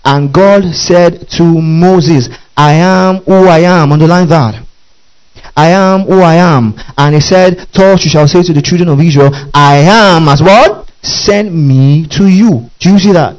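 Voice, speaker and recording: A man's voice: a little high, unhurried, low-quality recording. A man preaching a sermon as pastor, emphatic, often checking that his listeners follow and adding hallelujah and amen. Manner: repeats questions to the congregation, emphatic.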